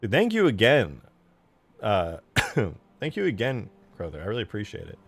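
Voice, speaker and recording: A man streaming as he builds a game mod, chatting casually while he works. He mutters quietly as he models, then bursts out loudly to thank viewers. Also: lowish voice, wildly swooping pitch, normal speed, faint music behind.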